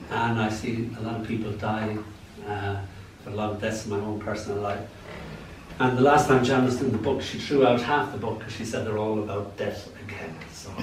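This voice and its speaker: A middle-aged man giving a live poetry reading at a showcase, wry and given to chuckling asides. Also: medium pitch. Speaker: poet. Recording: roomy hall, distant mic, faint room noise.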